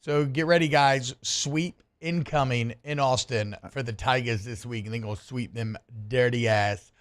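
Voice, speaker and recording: A man's voice: mid-range voice, fairly even intonation, measured pace, fairly bright tone, clear, resonant tone. Brash joking male sports radio host. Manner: brash, joking, trash-talking. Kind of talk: casual sports talk banter.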